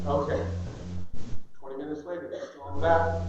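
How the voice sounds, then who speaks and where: A middle-aged pastor delivering an animated sermon, acting out children's whiny excuses. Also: male voice, a little high, normal speed, pauses often, a little hiss or hum. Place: church sanctuary. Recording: echoey church sanctuary, dull sound.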